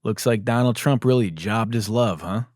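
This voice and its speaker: A man's voice: lowish voice, normal speed, no echo, studio quality. A man hosting a comedy podcast, delivering a mocking satirical monologue. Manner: ranting, mocking, shouts and laughs.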